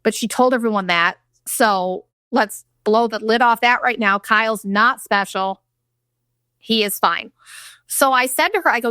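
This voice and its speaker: Blunt swearing woman hosting her podcast, bright voice, dead dry sound. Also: on the high side, unhurried, no room sound. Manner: blunt, profane, animated retelling with acted-out quotes. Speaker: podcast host. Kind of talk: candid storytelling monologue.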